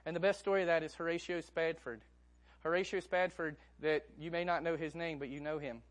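A young man preaching a sermon, telling a story and moving between hushed lines and emphatic ones. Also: fairly high pitch, flat delivery, brisk.

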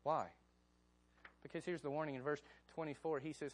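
Male pastor, slightly high, animated, chatty sermon delivery. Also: normal speed. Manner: conversational, animated, asks the congregation questions.

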